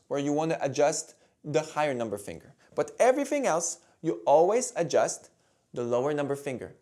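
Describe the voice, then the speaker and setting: Calm, lively-voiced male violin teacher. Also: fairly high pitch. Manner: calm, clear, demonstrative teaching. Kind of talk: instructional video talk.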